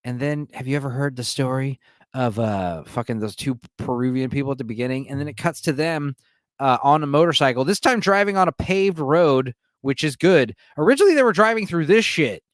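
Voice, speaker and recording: A man's voice: fairly high pitch, no room sound, studio quality. A man streaming alone, giving a casual, profane movie recap and laughing often.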